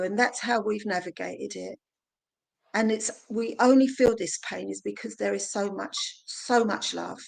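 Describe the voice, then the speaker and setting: A woman's voice: mid-range voice, normal speed, gravelly, a little mellow. A middle-aged woman co-hosting a livestream conversation, talking in an earnest, emotional, personal way over a video call. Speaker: guest host.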